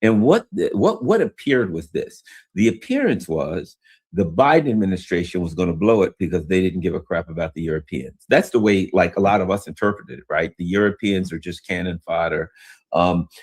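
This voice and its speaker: A man's voice: deep voice, fairly quick, a little mellow. A man hosting a solo commentary stream, ranting in a heated, emphatic way, stumbling and restarting often, tired and yawning. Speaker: political commentary host.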